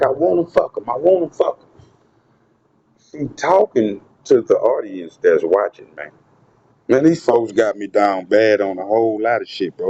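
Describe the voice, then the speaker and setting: Holding his phone in a public place after shifting to a quieter spot, a vlogger with a mellow, mid-pitched voice rants to his viewers in a profane, conspiratorial monologue. The audio is dull, lo-fi phone sound with a faint layer of noise.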